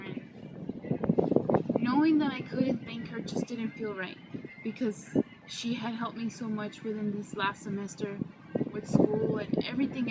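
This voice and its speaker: A young adult woman telling her personal story in a casual, heartfelt way, often saying "like". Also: a little high. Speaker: interviewee. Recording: loud vehicle noise behind.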